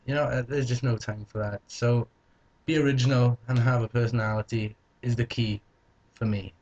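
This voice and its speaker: A man's voice: medium pitch, fairly even intonation, moderate pace, a little mellow. A young man vlogging casually, answering viewer questions in a joking, playful way. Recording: slightly dull lo-fi recording.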